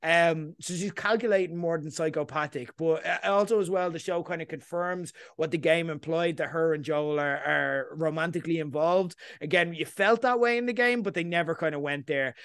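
Animated man hosting a podcast. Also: fairly high pitch, moderate pace, hardly any pauses, clean tone, no room sound. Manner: animated, repeats himself, leans on "you know what I mean". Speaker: podcast host. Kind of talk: casual chat about a TV episode.

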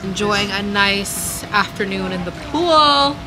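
A woman's voice: medium pitch, animated, slow pace. A young mother chats to her handheld camera in a loose, rambling vlog style, leaning on "like" and "you guys." Her voice is congested and nasal from a cold, with a faint background hiss. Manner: chatty, lots of "like" and "you guys". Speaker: vlogger, mother. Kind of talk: casual vlog chat. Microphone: handheld compact camera.

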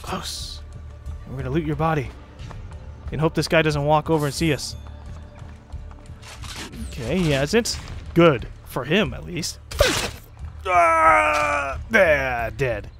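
A man's voice: fairly high pitch, measured pace, long pauses, soft background music. A man giving casual commentary as he plays a video game, rambling, joking and swearing often. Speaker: let's play host.

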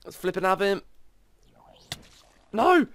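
A man commenting on his video game play in an excitable, exclaiming way. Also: sits high, moderate pace. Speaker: gaming channel host. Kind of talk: gameplay commentary.

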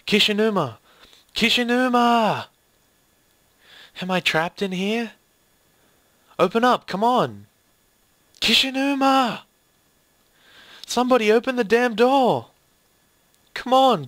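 A man voicing a frightened, earnest teenage schoolgirl in a horror game playthrough, shouting in panic. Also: medium pitch, unhurried, long pauses, no room sound, natural voice. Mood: panicked, shouting.

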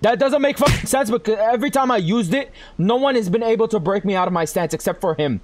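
A young man giving live gameplay commentary to his chat, excitable and swearing, often yelling at the game. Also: high voice, fast talker, background noise. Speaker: gaming streamer.

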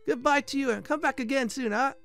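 A man's voice: very high voice, fairly quick, a bit bright, faint music behind, pitched above the performer's own voice. A man voicing an impatient middle-aged male blacksmith in an exaggerated Italian accent. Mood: brusque. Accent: Italian, put on.

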